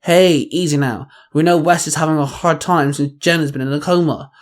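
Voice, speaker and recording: A gentle young ranger who tries to calm his friends with reassuring words, voiced by a male reader. He speaks evenly in a read-aloud fan story. The voice is a little high for a man. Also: a little fast, natural voice. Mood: soothing.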